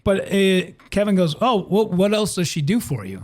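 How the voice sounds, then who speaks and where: High-voiced man telling animated stories. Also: normal speed. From Minnesota. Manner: animated, acts out other people's lines in quoted voices. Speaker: comedian and former radio host, interview guest. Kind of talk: casual storytelling in a podcast interview.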